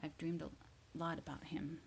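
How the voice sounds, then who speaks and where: A woman reading Bible verses aloud slowly and retelling each one in simple words for English learners, at times dropping to a whisper. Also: deep voice, flat delivery, creaky, a little hiss or hum, low-quality recording. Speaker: English teacher.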